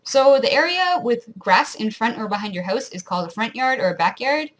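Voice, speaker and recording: A young woman with an Ontario Canadian accent talks straight to her camera in a chatty, animated way. Her voice sits a little high for a woman and she pokes fun at herself as she goes. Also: a little fast. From rural Ontario, Canada. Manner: chatty, animated, self-deprecating. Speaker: vlogger. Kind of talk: casual accent tag vlog.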